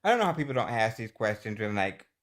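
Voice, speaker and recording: Halting young man in casual talk. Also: fairly low pitch, big pitch swings, a bit bright. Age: young adult. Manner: halting, fillers like "like", self-conscious laughs. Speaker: student guest. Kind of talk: casual chat.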